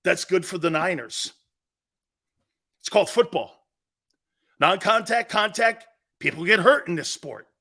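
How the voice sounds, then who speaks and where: Man, sports talk host, blunt, mocking, high-pitched, bright. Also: expressive, unhurried, pauses often. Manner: blunt, combative, mocking imitations of others. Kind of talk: opinionated sports radio rant.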